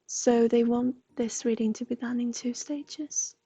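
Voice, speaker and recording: A high-pitched woman gives a livestream psychic reading in a soft, half-whispered way. Her voice has a husky, gravelly grain, and she talks slowly, with faint music under her. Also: fairly even intonation. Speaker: intuitive reader.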